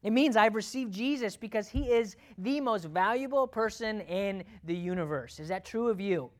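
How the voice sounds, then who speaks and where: A woman preaches a sermon with an emphatic delivery. She repeats her key lines for weight and asks the congregation questions. Her level swings from loud, driving passages down to quiet, close ones. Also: mid-range voice, animated, moderate pace.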